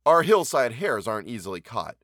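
Casting: fussy, prim landowner, brisk and demanding, lively swings in pitch, voiced by a male narrator. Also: no echo, clean studio sound. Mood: authoritative.

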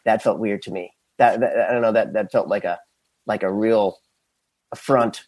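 A man's voice: on the low side, fairly even intonation, moderate pace, darkish tone, dry recording. A man co-hosting a casual podcast, talking hesitantly with many "um"s and restarts. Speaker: podcast co-host. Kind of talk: casual discussion.

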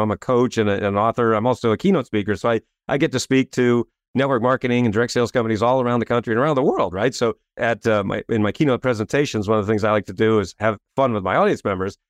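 A man's voice: medium pitch, no echo, studio quality. A man, a coach and author, telling a story as an interview guest, acting out quotes and asking "right?" again and again. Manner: lively, acts out quotes, frequent "right?".

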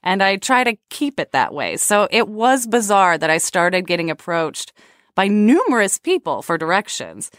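A woman co-hosting a chat show, talking in a chatty, expressive way. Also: medium pitch, normal speed, dry recording. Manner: chatty and expressive, lots of fillers. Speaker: podcast co-host. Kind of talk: casual chat.

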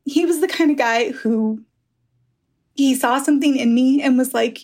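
A woman's voice: high-pitched, normal speed, darkish tone. A woman author in a candid podcast interview, talking frankly and rambling through stories with easy laughs and the odd swear. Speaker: author guest.

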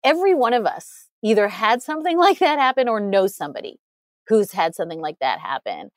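A woman guest on an interview lays out her view in long, articulate runs, earnest and quick, sprinkled with "you know" and brief laughs. Her voice sits at an ordinary middle pitch. The recording is close and dry. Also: big pitch swings, no room sound. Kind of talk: conversational analysis.

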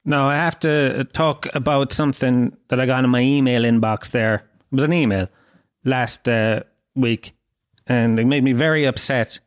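A man's voice: mid-range voice, fairly even intonation, normal speed, no room sound, studio quality. A man hosting a comedy podcast, ranting in a profane, self-mocking monologue. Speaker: podcast host.

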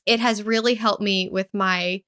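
A woman's voice: medium pitch, steady tone, unhurried, sharp tone, clear, resonant tone. A woman co-hosting a podcast, chatting casually and telling a story with lots of "like" fillers. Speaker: podcast co-host. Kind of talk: casual chat.

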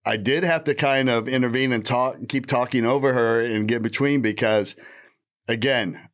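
A man's voice: medium pitch, fairly even intonation, moderate pace. A man with a Midwestern American accent telling stories on a podcast in a laid-back, rambling way, laughing often. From Indiana, Midwest US. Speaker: podcast guest, former undercover cop. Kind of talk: casual storytelling.

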